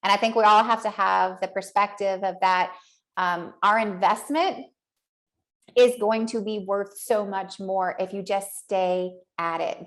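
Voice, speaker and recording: A woman hosting a podcast, recapping an interview in an upbeat, encouraging, chatty way. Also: mid-range voice. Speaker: podcast host.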